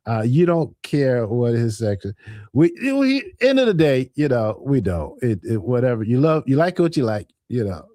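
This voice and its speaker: Lively, laughing male livestream host. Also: medium pitch, moderate pace, no echo. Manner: animated, laughs often, talks back to chat. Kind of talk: casual livestream chat reading viewer comments. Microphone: headset or desk mic with earphones.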